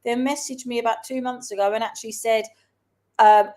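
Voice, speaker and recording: A woman with a London accent, co-hosting a casual chat and telling lively stories about her life. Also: a little high, a little fast. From South London, England. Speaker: co-host.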